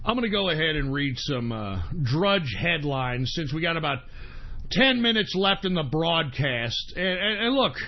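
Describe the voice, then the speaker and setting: Profane high-voiced radio host, lo-fi. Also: male voice, sing-song, normal speed. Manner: profane, combative, swings between shouting and grumbling. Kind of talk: ranting talk radio monologue. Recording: dull lo-fi sound.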